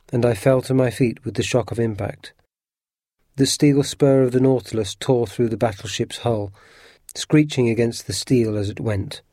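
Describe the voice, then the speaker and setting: Mellow man narrating a storybook. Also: medium pitch, no echo, clean studio sound. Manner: steady, earnest first-person storytelling.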